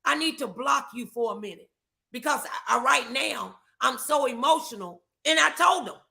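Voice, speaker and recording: A woman's voice: sits high, animated, normal speed, vocal fry, bright, forceful tone. A woman co-hosting a podcast, giving emphatic faith-based advice, repeating her phrases. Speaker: podcast co-host.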